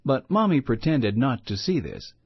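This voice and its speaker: A man reading a children's storybook aloud in a slow, expressive storytelling manner. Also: medium pitch, breathy edge, no echo. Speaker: storybook reader. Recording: muffled lo-fi recording.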